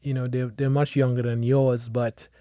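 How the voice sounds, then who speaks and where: A man's voice: mid-range voice, level tone, moderate pace, warm tone, smooth, no echo, clean studio sound. A man hosting an interview podcast, listening attentively and reflecting thoughtfully in a conversational way. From immigrant of African descent. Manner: attentive, frequent affirmations, thoughtful. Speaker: podcast host.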